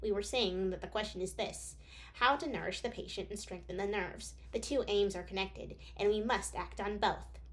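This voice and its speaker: A pompous, impatient doctor lectures in a nerdy, subdued, measured way, as a woman reader puts him on. His voice is quieter than the reader's plain speech. It is an audiobook character reading. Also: mid-range voice, lightly acted. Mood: lecturing. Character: pompous celebrated male doctor, cold and impatient.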